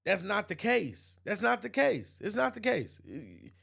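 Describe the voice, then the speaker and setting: Man, livestream host, raised pitch, emphatic, repetitive, laughs between points. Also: wildly swooping pitch, unhurried, creaky, a bit bright, breathy edge. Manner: emphatic, repeats himself, laughs often. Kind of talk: opinion livestream reading chat comments.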